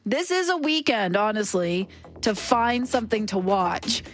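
A woman co-hosting a radio show, chatting casually in a lively, opinionated, quick way, often laughing. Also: medium pitch, soft background music. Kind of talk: casual chat on air. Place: radio studio. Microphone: studio microphone.

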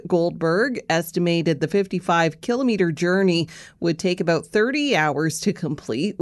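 Steady lower-voiced woman reading radio news. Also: dry recording, studio quality. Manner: steady, measured news read. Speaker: news and weather anchor. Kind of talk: scripted local radio newscast.

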